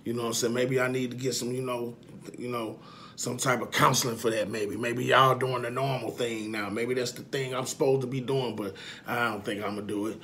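Gravelly-voiced man preaching to his followers. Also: medium pitch, flat delivery, fairly quick, a little hiss or hum. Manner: emphatic and profane, preaching and repeating himself; swings between quiet confessional and loud, rising outbursts. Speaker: vlogger talking to followers. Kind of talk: casual monologue to camera.

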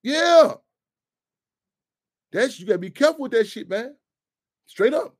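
A middle-aged man hosting a talk radio show, animated and heated, swearing freely. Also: extremely high pitch, a little fast, breathy edge. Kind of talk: casual talk radio monologue.

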